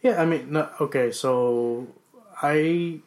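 A young man co-hosting a casual podcast chat, talking in halting bursts with many restarts. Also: on the high side. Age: young adult. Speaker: podcast co-host.

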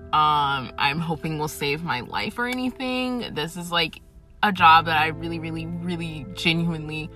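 A woman's voice: fairly low pitch, pushed and bright. A young woman from Atlanta hosting her podcast from her parked car, chatting casually, swearing freely and laughing often. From Atlanta, United States. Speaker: podcast host. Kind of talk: casual chat. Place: parked car in a parking garage.

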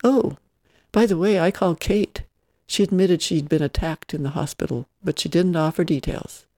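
A reader voicing a widowed mother who runs a family ranch, speaking gently and earnestly in a close, dry recording. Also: medium pitch, normal speed, no echo, natural voice. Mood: matter-of-fact.

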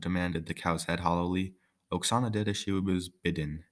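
A man's voice: sits low, steady tone, moderate pace, a bit bright. A man reading a folk tale aloud, breaking off for joking, offhand asides. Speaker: story reader.

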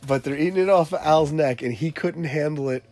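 A man casually recounting a funny party story to a friend, animated and laughing as he tells it. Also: on the high side, brisk, no echo. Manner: animated, laughing retelling with quoted voices. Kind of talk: casual chat.

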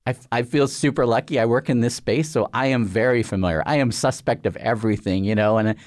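In a conversational interview, a middle-aged Canadian regulator official speaks quickly and earnestly, rambling and using many fillers. His voice has medium pitch and a darkish tone. The studio-quality recording is dry.

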